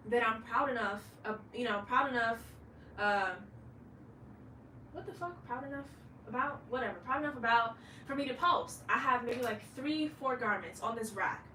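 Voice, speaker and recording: A woman's voice: fairly high pitch, bright, forceful tone, roomy sound, distant mic, slight background noise, low-quality recording. A woman in her late twenties, a fashion designer, talking candidly in a rambling vlog monologue and swearing freely. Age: late 20s.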